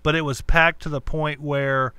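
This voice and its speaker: Profane, animated male podcast host. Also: a little high, moderate pace, clean tone, dry recording. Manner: profane, animated storytelling with acted-out quotes. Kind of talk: casual chat.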